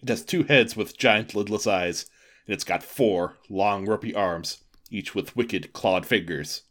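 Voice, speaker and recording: A man's voice: fairly low pitch, measured pace, fairly bright tone. A man co-hosting a comic podcast, reading a gamebook aloud with wry asides. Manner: wry, amused. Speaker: co-host, reader.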